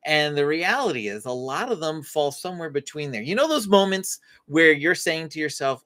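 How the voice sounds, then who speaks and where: A man's voice: fairly high pitch, normal speed, hardly any pauses. A man hosting a live-stream parenting Q&A, teaching with faith-based advice and acting out parent and child lines. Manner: animated, acts out parent and child lines in dialogue. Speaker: parenting coach and host.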